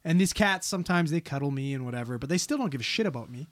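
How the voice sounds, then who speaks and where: A man telling stories in casual chat, animated and swearing constantly, talking about his work as an emergency responder. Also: on the high side, very fast. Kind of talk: casual profane chat and storytelling.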